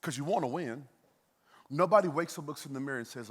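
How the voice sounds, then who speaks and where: A man preaches a sermon with a fairly high voice, loose and conversational, joking with his congregation between points. His voice rings out with a long reverb in a large church auditorium. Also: fast, breathy edge. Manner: lively, conversational preaching with playful asides to the crowd. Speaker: pastor.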